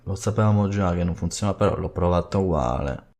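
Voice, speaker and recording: Gravelly low-voiced Italian gamer. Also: male voice, fast, darkish tone. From Italy. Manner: musing, talks through his choices. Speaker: let's play host. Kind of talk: casual gameplay commentary.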